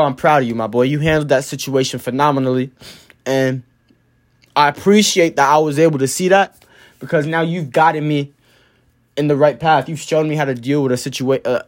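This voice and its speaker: A young man with a somewhat high voice tells a story straight to the camera. He talks loosely and profanely, with plenty of slang and fillers. His delivery is relaxed and casual. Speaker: vlogger telling a story.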